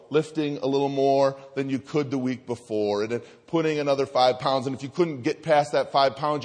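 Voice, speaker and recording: A man preaching a sermon in a church, telling stories and dropping to soft, earnest tones. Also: mid-range voice. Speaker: pastor. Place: church sanctuary. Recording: long hall reverb.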